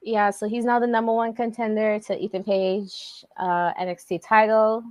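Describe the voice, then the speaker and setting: A woman's voice: medium pitch, level tone, normal speed, darkish tone, dry recording. Woman casually recapping wrestling, dry mic. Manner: rambling, filler-heavy recap with slang. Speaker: podcast co-host.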